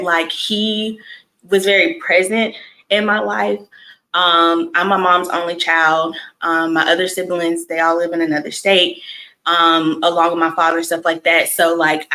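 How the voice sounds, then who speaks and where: A young woman talks through a personal story in a casual hosted conversation. Her voice sits a little low, and she speaks softly and reflectively, often pausing on small fillers. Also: low-quality recording. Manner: soft-spoken, reflective, many fillers. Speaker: host. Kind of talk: casual chat.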